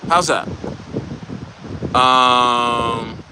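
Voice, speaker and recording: A man's voice: mid-range voice, very slow, background noise. A man hosting a casual crypto livestream, bantering and joking loosely with viewers in the chat. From United States.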